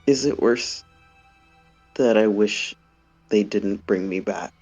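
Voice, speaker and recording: A tabletop player quietly narrating their character's grief, hesitant and halting, with fillers between phrases. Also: low voice, faint music behind.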